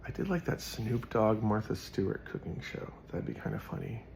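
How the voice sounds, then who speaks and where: A man's voice: fairly low pitch, animated, normal speed, a little mellow, a little hiss or hum. A man hosting his own show, chatting casually about a Bible verse and rambling as he thinks aloud. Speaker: host. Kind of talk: casual scripture commentary.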